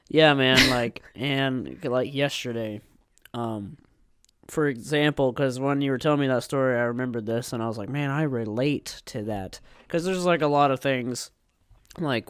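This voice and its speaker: Young man, very slow pace, smooth clear voice, dry close sound. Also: mid-range voice, dry recording. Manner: slow, relaxed, many ums and laughs. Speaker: podcast co-host. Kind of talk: casual chat.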